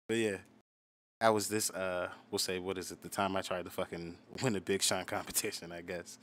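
A man's voice: deep voice, little pitch movement, a little fast, a bit bright. A young man telling a casual story about his own music, loose and profane, rambling with lots of fillers and self-deprecating asides. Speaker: rapper and channel host. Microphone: solo voice recording.

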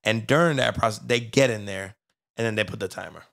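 A man co-hosting a podcast, chatting casually and joking with animated delivery. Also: on the low side, fairly quick, gravelly. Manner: joking, animated, slips into mock voices. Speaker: podcast co-host. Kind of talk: casual chat.

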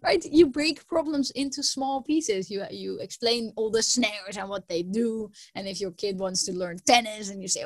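A woman professor giving a conference talk in a lively storytelling way, often repeating words for emphasis. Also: mid-range voice, moderate pace, hardly any pauses, no echo.

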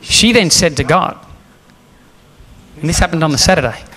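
A man's voice: fairly high pitch, animated, normal speed, a crowd in the background. A man preaching a sermon as a guest speaker, telling a story with animation and acting out the lines he quotes.

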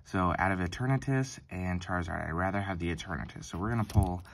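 A man's voice: deep voice, quick pace, vocal fry, a little hiss or hum. A young man hosting a casual card-opening video, chatting with lots of ums and self-corrections. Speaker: card-opening channel host. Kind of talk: casual pack-opening commentary.

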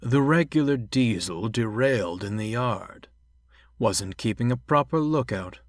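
A man voicing a polite, formal male steam engine, speaking in a measured, courteous way. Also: medium pitch, expressive, dry recording, studio quality, lightly acted.

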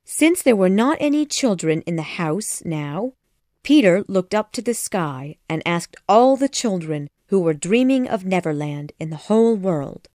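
A woman narrating a children's classic audiobook in a measured, expressive storytelling manner. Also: fairly low pitch, no echo, clean studio sound.

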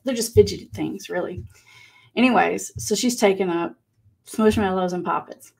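Gravelly Southern woman chatting live. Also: mid-range voice, normal speed. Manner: chatty, laughs often, reads out viewer comments. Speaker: livestream host. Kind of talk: casual live chat.

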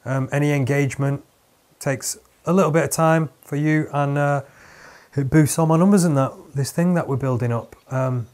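A man's voice: on the high side, steady tone, moderate pace, a little mellow. A young man hosting a podcast, rambling and joking with lots of fillers and restarts. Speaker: podcast host. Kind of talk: casual podcast chat.

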